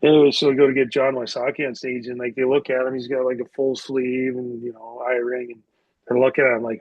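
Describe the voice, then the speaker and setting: A man's voice: medium pitch, little pitch movement, a little fast, darkish tone, husky, no room sound. A middle-aged man, a former hockey player, telling loose anecdotes as a podcast guest and padding them with filler words. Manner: rambling, with many filler words. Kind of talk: casual storytelling. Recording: dull, dry lo-fi sound.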